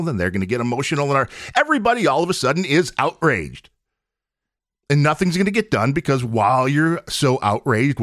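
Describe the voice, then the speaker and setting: Hosting his own show, a man argues his opinions forcefully, leaning on rhetorical questions throughout the monologue. He speaks in a mid-range, fairly bright voice, and the sound is clean studio audio with no room sound.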